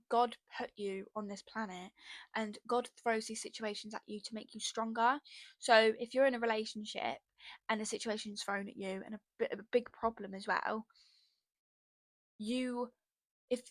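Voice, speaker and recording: A woman's voice: fairly high pitch, fairly bright tone, dry recording. A young woman hosting a casual solo podcast, rambling and chatty, blunt and given to swearing, into a podcast microphone. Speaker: podcast host.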